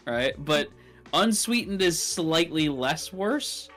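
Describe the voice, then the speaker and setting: Giggly man, lively pitch. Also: takes it slowly, faint music behind. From Canada. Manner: giggly, animated, laughs often. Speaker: guest streamer. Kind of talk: casual chat.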